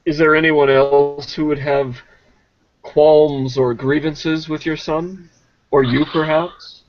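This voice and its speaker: A man's voice: fairly high pitch, little pitch movement, slow. A man playing a tabletop game who talks thoughtfully and asks probing questions. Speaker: player. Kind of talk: casual tabletop play. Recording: lo-fi, dull recording.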